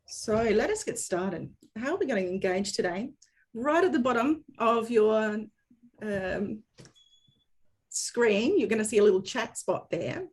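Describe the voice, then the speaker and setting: A woman's voice: fairly high pitch, expressive, measured pace. A woman hosting an online training session, talking in an upbeat, chatty and welcoming way. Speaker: webinar host for a dairy company.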